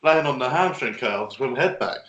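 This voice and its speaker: A man's voice: mid-range voice, animated, brisk, fairly bright tone, dull audio, slight background noise. A man in a casual chat among friends, speaking plainly and matter-of-factly. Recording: echoey room.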